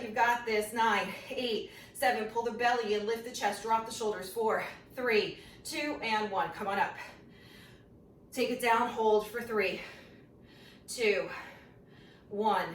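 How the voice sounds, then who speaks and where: A woman's voice: fairly high pitch, slow. A woman leads a workout class, counting reps and calling out form cues while she moves along with it, a little out of breath. She sits back from the microphone, and the room gives her voice an echo over a faint hiss. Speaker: fitness instructor. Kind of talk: guided workout class instruction. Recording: roomy sound from a distant mic with faint noise.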